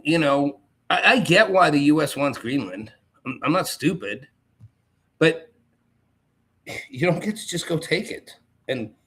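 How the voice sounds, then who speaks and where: Man's sarcastic commentary, somewhat high voice. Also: fairly bright tone, breathy edge. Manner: sarcastic, mocking, with exaggerated put-on voices. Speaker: host. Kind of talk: political commentary monologue.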